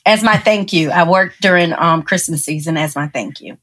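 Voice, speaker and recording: A woman guest on a podcast, recounting her own story in relaxed conversation, laughing often and acting out the people she quotes. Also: fairly low pitch, moderate pace.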